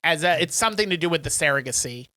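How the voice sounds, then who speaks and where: A man co-hosting a podcast, casually recapping a film plot and acting out the characters' lines in raised, excited voices. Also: a little high, very fast, no room sound, clean studio sound. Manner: animated retelling, acts out characters in raised voices. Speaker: podcast co-host.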